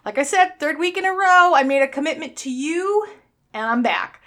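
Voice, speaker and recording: A woman's voice: sits high, expressive, moderate pace, fairly bright tone. Chatty New York woman podcaster. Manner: chatty, upbeat, blunt and self-mocking. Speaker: podcast host. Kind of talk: solo weight-loss podcast chat.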